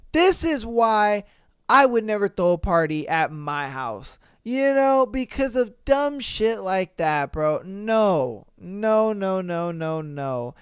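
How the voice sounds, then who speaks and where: A man hosting a podcast who reads listener stories aloud and reacts between them with loud, profane exclamations. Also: high voice, clean tone, no echo, clean studio sound. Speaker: podcast host.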